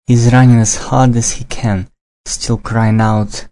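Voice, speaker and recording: Storyteller: male, mellow tone, steady read-aloud pace for a children's book. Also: medium pitch, slow pace. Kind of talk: storybook reading.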